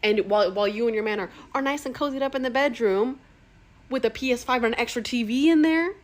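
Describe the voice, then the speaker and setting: A woman's voice: a little high, fast talker. Blunt, exasperated woman giving her opinion. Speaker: commentator. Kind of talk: opinion commentary.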